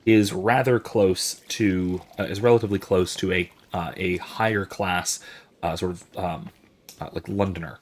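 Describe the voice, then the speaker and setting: A man with a somewhat low voice talks through a game in a loose, lecturing way. He wanders through his points with lots of ums and restarts, stopping now and then to react to viewers' comments. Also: fairly even intonation, moderate pace. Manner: rambling, professorial, many fillers and restarts; reads out viewer chat and reacts. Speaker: gaming channel host. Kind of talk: casual explanatory commentary while playing.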